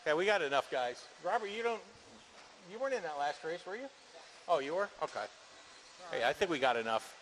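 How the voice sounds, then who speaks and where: A man's voice: on the high side, lively intonation, moderate pace, a bit bright, a little hiss or hum. A man announcing radio-controlled car races at an outdoor track, calling the action in a casual, joking play-by-play and directing marshals. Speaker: race announcer. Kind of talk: live RC race commentary.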